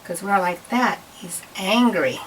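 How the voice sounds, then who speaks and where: A woman's voice: mid-range voice, a little slow, slight background noise. A woman giving a patient, step-by-step drawing lesson to children. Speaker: art teacher. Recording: voice a bit far from the mic.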